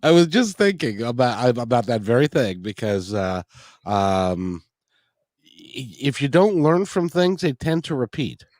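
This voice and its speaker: A man hosts an interview in a halting, rambling way and often stops to restart his thoughts. His voice sits in the middle range. The recording is dry with no room echo. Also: mid-range voice, sing-song, a little mellow. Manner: rambling, halting, self-correcting. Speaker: podcast host. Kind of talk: conversational interview.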